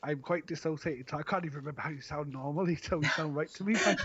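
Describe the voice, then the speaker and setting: A man's voice: on the high side, fast talker, a bit bright, lo-fi sound. A man with a Cornish accent chatting casually on a stream, hesitant and repeating his words. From Cornwall, England. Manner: hesitant, repeats words, calls others "my flower". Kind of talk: casual chat.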